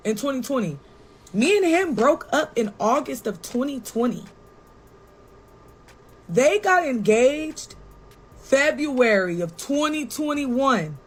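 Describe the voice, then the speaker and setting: A young woman guest on a talk show tells a personal story in a casual way, blunt, animated and full of swearing. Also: sits high, husky, poor audio. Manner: blunt, profane and animated, with frequent "like" and "right?".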